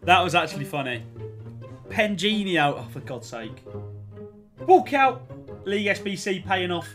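Young English man, high voice, sweary excitable game commentary, faint music behind. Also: normal speed. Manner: swearing, excitable, swings between ranting and cheering. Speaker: streamer. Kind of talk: live game commentary to chat.

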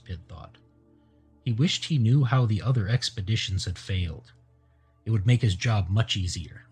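A man narrating a science fiction story as an audiobook, in a measured, even manner. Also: medium pitch, slightly rough. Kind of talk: scripted narration.

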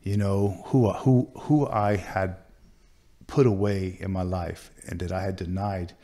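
With a low, mellow voice and fairly even intonation, a man who works as a tattoo artist tells a personal story in a sit-down interview. He speaks earnestly but haltingly, restarting often and using many fillers.

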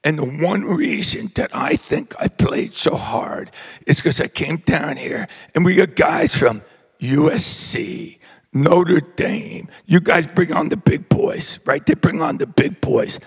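An older man, giving a rowdy acceptance speech full of brash shouted jokes. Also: on the high side, takes it slowly, vocal fry, husky, big-room sound. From New Jersey. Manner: boisterous, shouting, brash joking. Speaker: hall of fame inductee.

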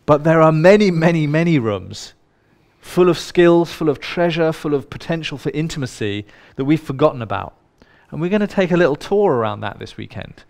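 A man's voice: a little high, lively intonation, brisk, creaky, darkish tone. A man leading a live workshop in a room full of people, speaking in a playful, irreverent way and swearing now and then. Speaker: workshop leader. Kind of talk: live workshop talk to an audience.

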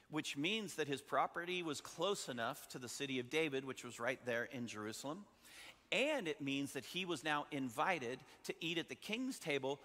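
A man's voice: fairly high pitch, sharp tone, in a large hall. A man preaching a sermon as pastor, telling a Bible story in a conversational way and asking his listeners questions. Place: church sanctuary.

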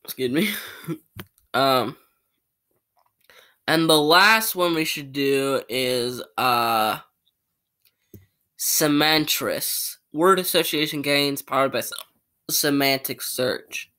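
A YouTuber with the hiccups casually comments while trying out web experiments, reading on-screen text aloud and apologizing now and then. His mid-range voice is bright and forceful, slow-paced with frequent pauses.

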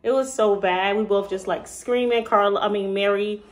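A woman's voice: medium pitch, steady tone, moderate pace. Emotional woman retelling a scare, speech. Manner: emotional, rambling, many fillers and restarts. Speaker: mother telling a personal story. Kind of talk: casual storytelling vlog.

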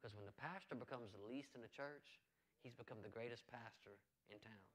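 A man's voice: medium pitch, brisk. A male pastor preaching a sermon in an earnest, conversational way, repeating phrases and adding asides.

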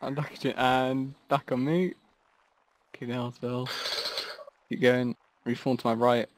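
A man giving terse orders in calm bursts over gaming voice chat, leading a line. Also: medium pitch, a little slow, slight background noise. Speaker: line officer giving commands.

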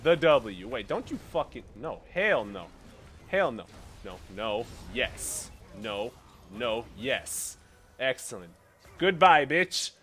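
A young man commentating his own gameplay, boastful and profane, swinging between low mutters and loud triumphant yelling. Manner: profane, boastful, self-mocking. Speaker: gaming streamer.

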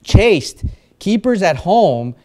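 A man's voice: high voice, big pitch swings, takes it slowly, a little mellow. Man preaching a casual, rambling sermon. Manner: conversational, many fillers and restarts. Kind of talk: informal sermon. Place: church.

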